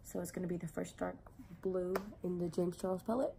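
A woman's voice: lowish voice, fairly even intonation, brisk, creaky, dark tone, a little hiss or hum. A young woman talking casually through a makeup tutorial in a chatty, filler-heavy way, with some swearing. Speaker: beauty vlogger.

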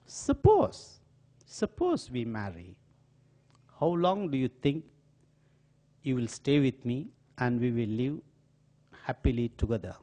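A man's voice: medium pitch, very animated, slow, long pauses, mellow. Man putting on a playful older aunt, Indian accent, voice bounces up and down. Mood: delighted.

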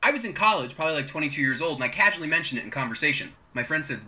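A man's voice: on the high side, very fast. A man with a South Jersey, Mid-Atlantic accent telling a story in a casual, profane, self-mocking way. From South Jersey, USA. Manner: animated, profane, mocking himself. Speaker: social media storyteller.

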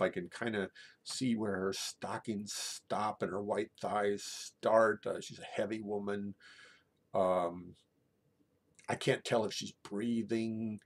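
A middle-aged man telling a true personal story in a halting way, often repeating and restarting his words. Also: on the low side.

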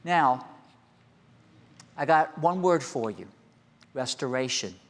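A man in his sixties, a senior pastor, preaching a sermon and telling a childhood story, moving between quiet asides and raised, emphatic calls. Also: medium pitch, lively intonation, slow pace. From American. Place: church sanctuary. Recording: long hall reverb.

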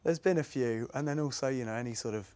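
Speaking quickly in a mid-range, slightly dark voice on a dry recording, this young English actor answers students' questions in a school room full of listeners. He's casual and self-deprecating, wandering off on tangents and laughing a lot.

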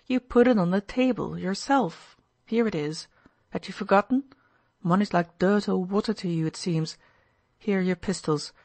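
A woman's voice: medium pitch, moderate pace, a little mellow, dry recording, close to an everyday voice. A woman reading the part of a reproachful, uneasy young man in an audiobook, who keeps asking anxious questions.

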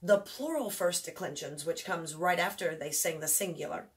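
A woman's voice: on the low side, takes it slowly. A chatty woman talks parents through a homeschool review, often correcting herself as she goes. She chants and sings the words while explaining the hand motions, dropping in a mild faith phrase now and then. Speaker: homeschool teacher reviewing memory work. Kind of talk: casual instructional walkthrough.

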